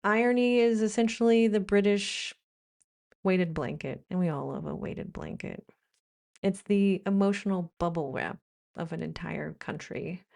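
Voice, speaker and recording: Her voice here is medium-pitched, creaky, a little mellow and slightly slow as the American vlogger delivers wry, playful commentary. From time to time she drops into quoted phrases in mock-British.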